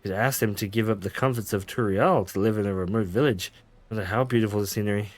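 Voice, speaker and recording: A man's voice: lowish voice, fast talker. Man reading game dialogue aloud, stumbling. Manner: reads lines with stumbles, self-corrections and laughs. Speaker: gaming streamer.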